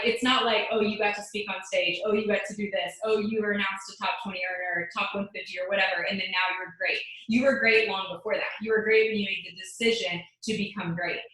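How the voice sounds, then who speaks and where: Woman, late 20s, quick and bright, motivational speaker on a video call, very echoey room. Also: medium pitch. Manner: fast, earnest, many "like" fillers. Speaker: guest speaker.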